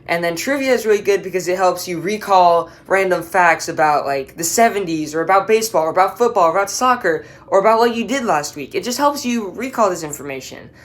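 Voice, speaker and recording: A woman's voice: on the low side, expressive, fairly quick, hardly any pauses. A woman giving a class presentation as a student, explaining with playful analogies and talking straight to the listener.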